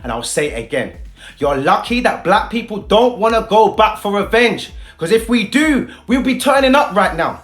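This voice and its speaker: Angry guy going off at the camera, pretty high voice, echoey room. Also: lively intonation, moderate pace, hardly any pauses, a bit bright. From Britain. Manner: heated, confrontational, uses street slang. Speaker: activist vlogger. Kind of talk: impassioned rant to camera.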